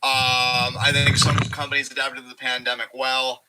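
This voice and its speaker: Man, podcast co-host, rambling casual chat, wry and profane, very bright sharp tone. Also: mid-range voice, completely flat delivery, normal speed, slight background noise, low-quality recording.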